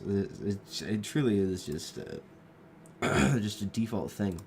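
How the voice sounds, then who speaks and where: A young man fighting a cough talks through a game in a very deep, gravelly voice, rambling from one joke to the next and losing his train of thought. He speaks into a desk mic with a faint hiss and keyboard clicks behind him. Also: a little slow. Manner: rambling, joking, drifting off mid-thought. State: sick with a cough. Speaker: gaming video creator. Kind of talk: rambling gameplay commentary. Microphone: desk microphone.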